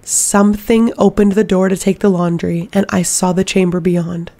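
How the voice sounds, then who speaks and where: A woman reading an audiobook voices a frightened young servant girl who talks haltingly, with a gravelly edge. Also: fairly low pitch, steady tone, warm tone, close to an everyday voice. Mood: shaken. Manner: halting, shaken, breaking into sobs.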